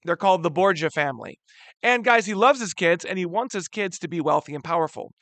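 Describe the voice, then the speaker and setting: Lively high-voiced man teaching history. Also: fairly quick, dry recording. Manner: animated, slangy, addresses students as guys. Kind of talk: casual classroom lecture.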